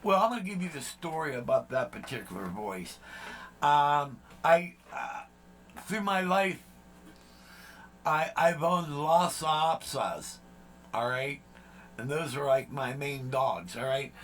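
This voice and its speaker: A man's voice: mid-range voice, slow pace, a bit bright, slight background noise. A man, chatting casually as a vlog host, rambling and joking with lots of fillers and asides. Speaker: channel host.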